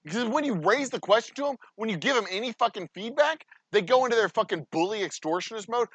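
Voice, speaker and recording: Man, distillery vlogger, high and lively, heavy swearing, rambling rants. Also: quick pace, hardly any pauses, dry recording, dull audio. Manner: profane, ranting, heated. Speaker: distillery owner. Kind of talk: casual behind-the-scenes vlog talk.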